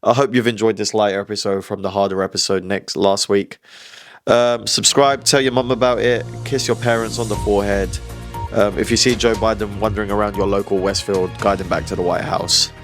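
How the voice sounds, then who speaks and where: A man's voice: on the low side, steady tone, brisk, soft background music. A man hosting a comedic news roundup, chatty and wry, laughing at his own jokes.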